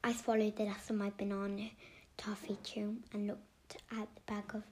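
A woman's voice: mid-range voice, completely flat delivery, slight background noise. Woman whispering a storybook. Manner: slow, hushed storybook whisper. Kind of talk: whispered role-play.

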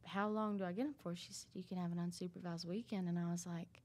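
Woman, lowish voice, stops and restarts a lot, just chatting about her life. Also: fairly even intonation, very noisy. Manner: halting, many fillers and restarts. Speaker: interview guest sharing a recovery story. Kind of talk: casual storytelling.

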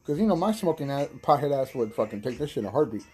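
Husky, profane stoner man. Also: mid-range voice, animated, quick pace, dark tone, soft background music. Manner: profane, rambling, laughs often. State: high. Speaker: podcast host. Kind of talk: casual stoner podcast chat.

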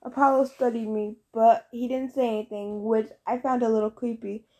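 A woman narrating a fantasy novel as an audiobook reader, in a steady storytelling read. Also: a little high, moderate pace.

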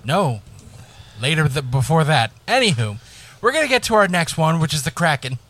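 Twenties guy, slightly high voice, sarcastic podcast host swearing a lot. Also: sing-song, moderate pace, fairly bright tone. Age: 20s. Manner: sarcastic, swears, steers back to topic. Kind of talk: casual crude chat.

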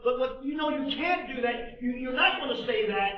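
A man's voice: extremely high pitch, lively intonation, moderate pace. An older man preaching a sermon with passion, repeating himself and acting out people's prayers. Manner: impassioned, repetitive, acts out prayers. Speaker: pastor. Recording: echoey, distant, muffled room.

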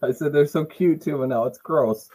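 A man's voice: a little high, normal speed, darkish tone, slightly rough. A man co-hosting a casual wrestling podcast, dropping short, dry wisecracks. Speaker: podcast co-host.

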